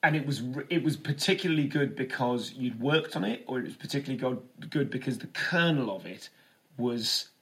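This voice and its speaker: Male interviewer, mid voice, measured and probing questions. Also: mid-range voice, animated, a bit bright.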